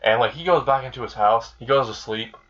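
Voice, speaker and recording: A man's voice: mid-range voice, a little fast, a bit bright, highs cut off. A man casually retelling a comedic fan story, rambling and crude with lots of filler words.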